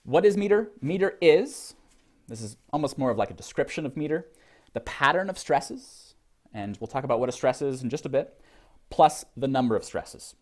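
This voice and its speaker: Lively-pitched male lecturer in a classroom. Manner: asks the class questions, hesitant with many ums and restarts; reads verse slowly with heavy stress. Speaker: literature lecturer.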